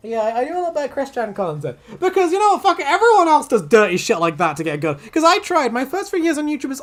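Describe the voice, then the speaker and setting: A woman's voice: high voice, very animated, fast, hardly any pauses. English woman streamer, swears a lot, voice bounces all over, crude jokes. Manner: crude, swearing, joking rants. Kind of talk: casual livestream chat.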